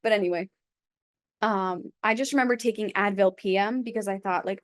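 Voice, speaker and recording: A woman's voice: medium pitch, fairly quick, no room sound. Young woman podcasting into her mic, rambly and frank, lots of "like", dry sound. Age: young adult. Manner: chatty, heavy use of "like", frank. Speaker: podcast host. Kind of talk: casual storytelling. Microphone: own mic.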